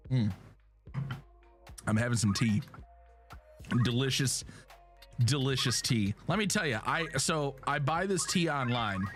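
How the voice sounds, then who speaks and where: Animated, joking male streamer. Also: mid-range voice, a little slow, long pauses, soft background music. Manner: animated, joking, talks straight to chat. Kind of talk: casual chat while live-streaming a game.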